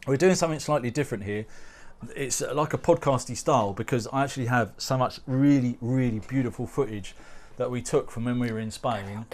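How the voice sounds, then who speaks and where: A man's voice: mid-range voice, brisk. A man with an Essex accent, co-hosting a casual podcast chat in a chatty, self-mocking, easily amused way. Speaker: podcast co-host.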